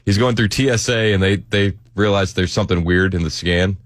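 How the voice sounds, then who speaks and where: A man's voice: low-pitched, fairly quick, no room sound. A man co-hosting morning radio, chatting casually in a dry, teasing way. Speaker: radio co-host.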